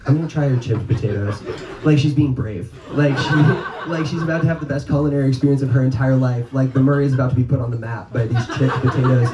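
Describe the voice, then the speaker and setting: A man's voice: mid-range voice, flat delivery, fast, hardly any pauses, lo-fi sound. A man from North Dakota telling a story live to an audience, casual and rambling, full of ums and swearing. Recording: echoey live room from far off, noisy.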